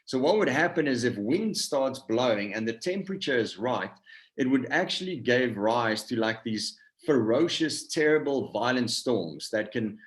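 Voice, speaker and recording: A man's voice: mid-range voice, a bit bright. A South African man giving a casual Bible lesson over a video call, conversational with lots of fillers, asking his group questions. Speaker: campus ministry leader.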